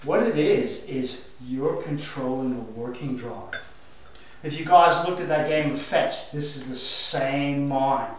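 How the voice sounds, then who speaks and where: Male dog trainer coaching hands-on, kinda high voice, echoey room far from the mic. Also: slow, a little hiss or hum. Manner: coaching, energetic and direct.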